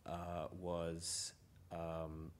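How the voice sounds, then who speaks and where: A man with a New Zealand accent, a comedian chatting casually and telling animated stories. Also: sits low, extremely slow, a little hiss or hum. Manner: animated storyteller, slips into quoted voices. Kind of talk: casual chat.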